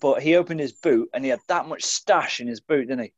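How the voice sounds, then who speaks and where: A man's voice: medium pitch, a little fast, no room sound. A man telling a rambling, laughing story over a video call, repeating his words. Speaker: podcast co-host. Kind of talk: casual chat. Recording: dry dull video-call audio.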